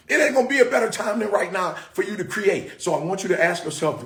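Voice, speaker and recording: A man's voice: sits high, lively intonation, brisk, hardly any pauses, a bit bright, roomy sound. A man hosting a motivational livestream, preaching in a fiery, exclamatory way and repeating his phrases. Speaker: host.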